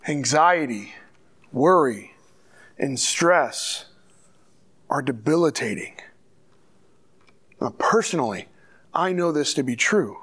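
Pastor guy preaching, higher-pitched voice, earnest, lots of rhetorical questions. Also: animated, slow, pauses often, fairly bright tone, slightly rough. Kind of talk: sermon.

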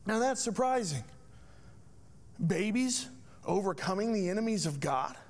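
Male pastor, higher-pitched voice, preaching with emphatic rhetorical questions. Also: expressive, measured pace. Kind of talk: sermon.

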